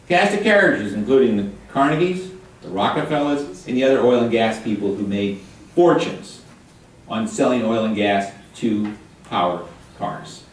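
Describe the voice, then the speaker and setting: Older man lecturing in an echoey hall. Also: fairly high pitch. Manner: chatty, jokey, quizzes the audience. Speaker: guest lecturer. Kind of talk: classroom lecture with questions to students. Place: high school hall or classroom. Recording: echoey room, mic at a distance.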